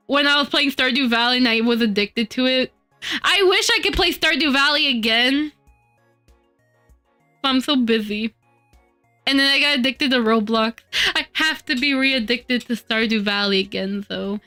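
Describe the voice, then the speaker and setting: High, bright-voiced playful woman streamer. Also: normal speed, soft background music. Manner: animated, mock-indignant banter with chat. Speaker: streamer chatting with live chat while modeling. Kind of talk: casual livestream chat.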